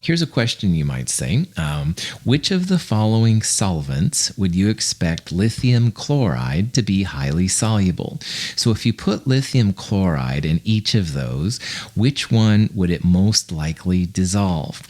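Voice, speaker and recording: Low-voiced male chemistry lecturer. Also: a little slow. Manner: relaxed, conversational explaining with fillers and asides. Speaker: chemistry instructor. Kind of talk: recorded online lecture.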